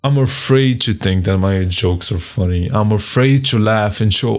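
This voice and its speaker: A man journaling on video, talking bluntly and profanely and sometimes bursting into loud shouts. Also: on the low side, normal speed. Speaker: vlogger.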